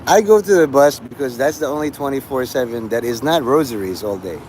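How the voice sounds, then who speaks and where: A man's voice: medium pitch, expressive, a little fast, darkish tone, a little hiss or hum, low-quality recording. A man in his forties hosting a livestream, rambling casually, trailing off and restarting his thoughts. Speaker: livestream host.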